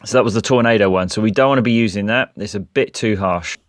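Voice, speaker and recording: A man's voice: fairly low pitch, quick pace. A man explaining a decorating job in a practical, plain-spoken DIY tutorial.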